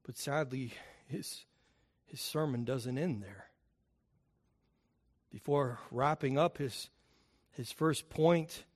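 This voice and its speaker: A man preaching a sermon, emphatic, swelling loud on key phrases and dropping low and quiet between them.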